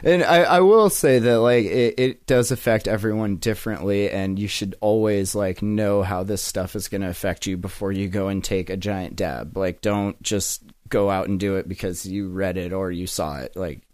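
A man's voice: sits low, steady tone, moderate pace, few pauses, a little mellow, no echo, studio quality. A man hosting a podcast in casual chat, a laid-back storyteller who laughs often. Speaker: podcast host.

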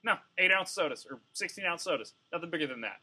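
A man's voice: a little high, animated, fast, pushed and bright, breathy edge. A man co-hosting a podcast, ranting with heat in a profane, casual way, full of fillers. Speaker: podcast co-host. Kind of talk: casual comedic rant.

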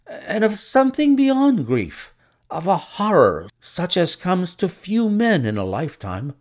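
A man narrating a classic short story in an expressive, scripted reading. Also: on the high side. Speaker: audiobook narrator.

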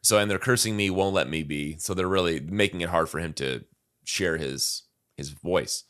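A man's voice: deep voice, normal speed, fairly bright tone. A man co-hosting a casual talk show, reading song lyrics aloud and thoughtfully picking them apart with plenty of fillers. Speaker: podcast co-host discussing song lyrics. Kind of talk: casual conversational analysis.

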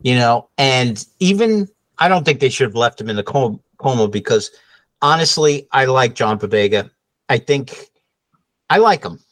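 A man's voice: medium pitch, animated, moderate pace, fairly bright tone, dry recording. A man co-hosting a podcast in casual chat, explaining his ideas thoughtfully with a shifting pace. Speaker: podcast co-host.

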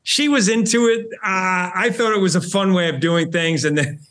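A middle-aged man with a New Zealand accent, chatting as a podcast guest. His voice sits a little high for a man, and his talk is animated and full of restarts and quick laughs. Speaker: show host, podcast guest. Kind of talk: casual podcast interview.

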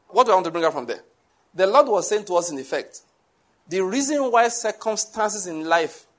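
A male preacher, delivering a lively sermon and asking his congregation questions. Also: high-pitched. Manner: animated, rises to shouts, asks the congregation questions.

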